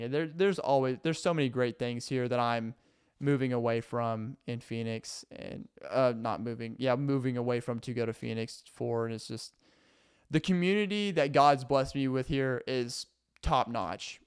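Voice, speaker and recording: Brief: a young male vlogger, rambling comic talk with a clear, smooth voice at a middling pitch. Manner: rambling, filler-heavy, self-interrupting. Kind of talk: casual comedic monologue.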